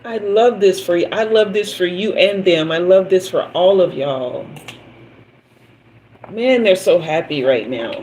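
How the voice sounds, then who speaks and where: A woman leads a live spiritual reading in an unhurried, soothing voice. She gets emotional and talks straight to her listeners, and a faint hum of noise sits under the recording. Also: fairly low pitch, animated, darkish tone, rough recording. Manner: emotional, slow and soothing, talks to viewers directly. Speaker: spiritual reader.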